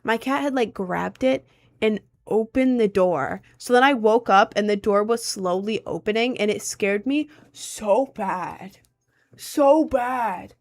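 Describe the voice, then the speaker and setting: A woman's voice: medium pitch, takes it slowly. Rambling woman from New York. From New York City. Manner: rambling, lots of filler words. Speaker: streamer. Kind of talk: casual chat reading viewer messages. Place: at home, indoors.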